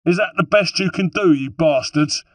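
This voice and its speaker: A man voicing a brave, loyal soldier who shouts gruffly. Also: on the high side, normal speed, no echo, pitched above the performer's own voice, lightly acted. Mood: defiant roar. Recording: dry, distant mic.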